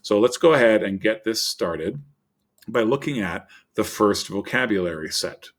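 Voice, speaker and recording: A man teaching a recorded vocabulary lesson, explaining in an upbeat way and reading word lists slowly. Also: fairly low pitch, lively intonation. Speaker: Spanish teacher.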